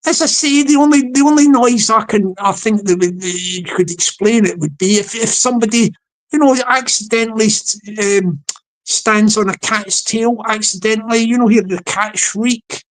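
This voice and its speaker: A woman's voice: mid-range voice, moderate pace. Rambling woman streaming live. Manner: rambling and repetitive, chuckling, addresses chat viewers. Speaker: livestream host. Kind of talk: casual livestream commentary.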